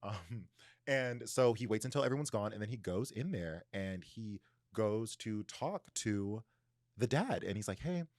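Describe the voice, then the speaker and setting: A man's voice: on the low side, measured pace, no echo, studio quality. A man co-hosting a casual book discussion, retelling a story animatedly with lots of "like" fillers. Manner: animated, frequent "like" fillers, laughs while telling. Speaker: podcast co-host.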